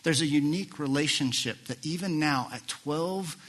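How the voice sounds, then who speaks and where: A middle-aged man preaching a sermon as pastor, animated and full of rhetorical questions. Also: a little high, moderate pace. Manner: animated, asks rhetorical questions, acts out quoted lines.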